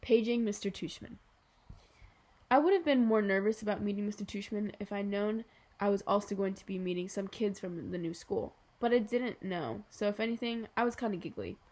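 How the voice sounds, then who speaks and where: A woman narrating a children's novel aloud in an even, unhurried reading. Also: mid-range voice. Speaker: audiobook narrator. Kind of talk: scripted narration.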